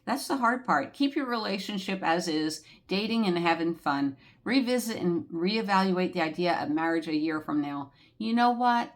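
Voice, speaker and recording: Chatty older woman reading viewer comments. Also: lowish voice. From United States. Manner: chatty, warm-hearted, rambling with many fillers. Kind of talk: casual chat.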